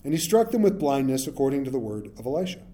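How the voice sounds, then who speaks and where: A man's voice: mid-range voice, very animated, fast talker, warm tone. A man preaching a sermon in a conversational way, often asking "right?" and acting out the people of the story. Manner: conversational, asks "right?" often, acts out Bible characters. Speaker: pastor.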